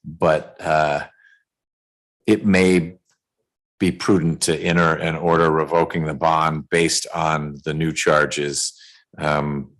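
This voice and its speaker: A man presiding as judge over a remote court calendar hearing, speaking in a measured way with dry jokes, over a video call. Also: extremely low pitch, little pitch movement, a bit bright, rough recording.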